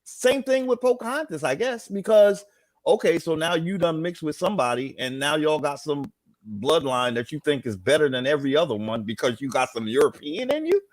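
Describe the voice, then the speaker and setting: A man's voice: on the high side, animated, brisk, no room sound. A man in casual chat, agreeable and rambling as he hunts for words.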